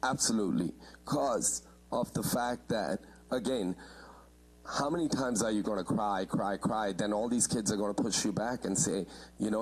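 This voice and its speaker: A middle-aged man stands to give public comment at a committee hearing, speaking in an earnest, halting way full of fillers. His voice is low-pitched and husky. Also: rough recording. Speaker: community member giving public testimony.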